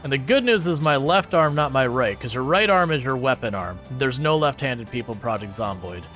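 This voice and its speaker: Excitable man narrating his gameplay. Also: medium pitch, brisk, faint music behind. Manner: excitable, reacts aloud to the game, laughs often. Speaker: gaming channel host. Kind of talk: casual gameplay commentary.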